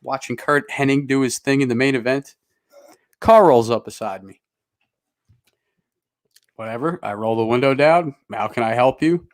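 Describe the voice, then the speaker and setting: A man's voice: mid-range voice, moderate pace, long pauses. A man co-hosting a podcast, telling a long casual story in a rambling, self-mocking way and swearing freely. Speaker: podcast co-host.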